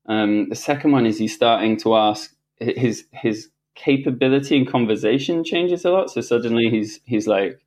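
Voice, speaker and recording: A man, a podcast guest, telling a personal story in casual conversation, animated and reflective, often restarting his sentences and laughing. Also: mid-range voice, normal speed, hardly any pauses, slight background noise.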